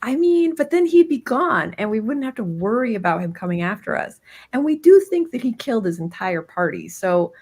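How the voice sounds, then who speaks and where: A woman's voice: fairly high pitch, very animated, fairly quick, a little mellow. A woman player chatting casually about a tabletop game, persuasive but tentative. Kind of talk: casual chat.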